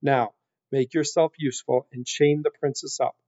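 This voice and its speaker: A man's voice: mid-range voice, steady tone, moderate pace, a little mellow, no room sound, lightly acted. A man voicing a cruel, scornful male rat villain with a haughty, sneering delivery. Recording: dull lo-fi recording.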